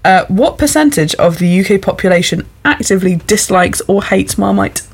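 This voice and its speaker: A woman hosting a podcast and running a casual quiz with a guest, chatty, upbeat and quick to laugh. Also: mid-range voice, lively intonation, gravelly, husky. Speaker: podcast host.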